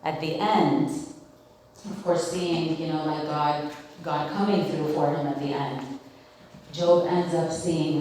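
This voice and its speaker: A woman's voice: sits low, fairly even intonation, slow, mellow, slight background noise. A woman leading a Bible study, talking casually and asking the group questions, with lots of fillers. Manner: conversational, asks the group questions, many fillers. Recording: very echoey room, mic at a distance.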